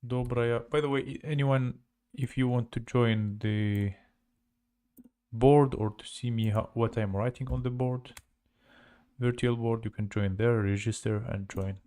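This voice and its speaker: A man with a Russian accent teaching casually on a livestream, halting and repeating words to compare their sounds. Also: mid-range voice, fairly even intonation, mellow. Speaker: language teacher.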